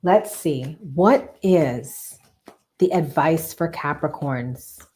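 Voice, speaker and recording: A woman's voice: deep voice, expressive, extremely slow, noisy background. A woman hosting a live-stream tarot reading, chatty and enthusiastic, repeating phrases for emphasis and talking straight to her viewers.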